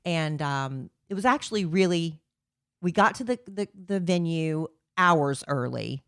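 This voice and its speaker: A woman's voice: low voice, expressive, a little slow, a bit bright, dry recording, clean studio sound. A woman in her forties co-hosting a podcast, telling a long story in a chatty way with lots of fillers. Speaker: podcast co-host. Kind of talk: casual chat.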